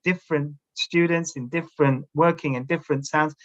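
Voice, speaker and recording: Leading a teacher-training workshop over a video call camera setup, this man speaks with a steady, rather high voice at a moderate pace, and the audio is lo-fi. His manner is that of a coach: he gives instructions and keeps asking his audience "all right?" to check they're following.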